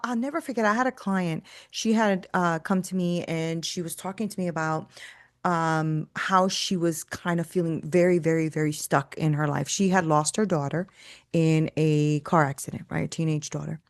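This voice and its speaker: This is a woman faith coach on a podcast, low-voiced for her sex and recorded very dry and close. She tells stories with preachy emphasis, tags her points with "right?" and swings her pitch wide when she acts out other people. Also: no room sound. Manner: acts out quoted voices with big pitch jumps. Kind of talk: storytelling faith talk.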